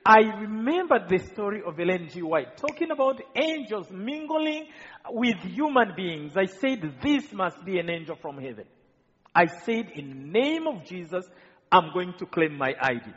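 A man from Rwanda preaching a sermon, telling his testimony with animated, quoted dialogue and frequent restarts. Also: high voice, moderate pace, husky. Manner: animated storytelling with quoted voices, many restarts. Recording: dull reverberant hall sound.

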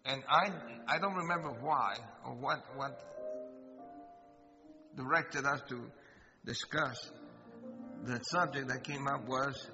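A man's voice: mid-range voice, takes it slowly, pauses often. A man who is a pastor, telling a personal story in a sermon and asking his listeners questions. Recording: long hall reverb, dull sound, guitar music behind. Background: guitar music.

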